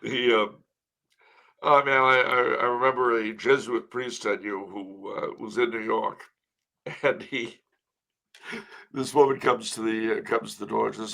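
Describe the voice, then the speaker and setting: An older man with a gravelly texture tells jokes in a wry, courtly way. He sounds like a guest chatting over a video call, relaxed and polished. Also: lowish voice, measured pace, pauses often. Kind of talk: casual chat, telling jokes.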